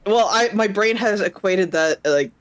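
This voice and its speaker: A man playing in a tabletop game on a stream, talking casually and haltingly. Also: sits high, a loud crowd. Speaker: tabletop player. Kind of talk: casual chat.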